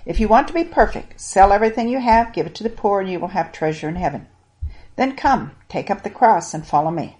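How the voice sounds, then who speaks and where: A woman voicing a gentle, patient male teacher in a storybook reading, giving calm, measured instructions. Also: mid-range voice, natural voice.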